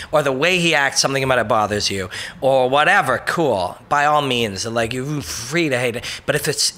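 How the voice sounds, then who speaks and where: Guy hosting, rambly and emphatic, swears a lot, bright punchy voice. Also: a little high. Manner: breaks into brief mocking voices for quotes. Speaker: host. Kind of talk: casual motivational monologue.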